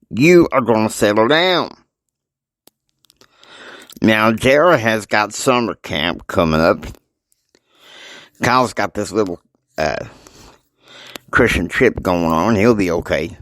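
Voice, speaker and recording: A man doing a gruff lecturing grandpa. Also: fairly low pitch, a bit bright, no echo, clean studio sound. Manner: lecturing, blunt.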